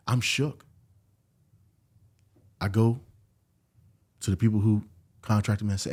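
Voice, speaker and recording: A man's voice: lowish voice, steady tone, normal speed, long pauses, darkish tone. A middle-aged man, a podcast guest, telling a personal story in casual conversation and acting out the dialogue he quotes. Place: podcast studio.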